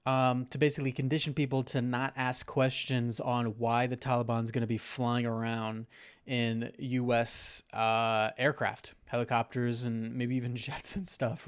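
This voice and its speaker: A man's voice: medium pitch, smooth. A man co-hosting a podcast, casually talking through political theories with many fillers and laughing at his own points. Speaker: podcast co-host.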